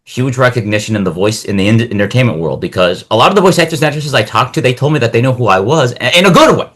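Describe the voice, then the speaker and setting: A young man chatting as a podcast guest in a lively, animated way. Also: medium pitch, fast. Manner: animated, acts out quoted voices. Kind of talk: casual chat.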